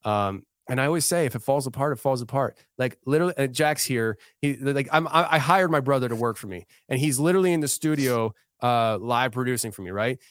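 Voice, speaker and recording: A man in his thirties talks as a guest on a podcast, sharing a story in an earnest, heartfelt way. His sentences often start over as he works through his thoughts. His voice is clear and smooth, recorded dry and close in a studio. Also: medium pitch, a little fast, hardly any pauses, a bit bright, no echo. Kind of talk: casual podcast conversation.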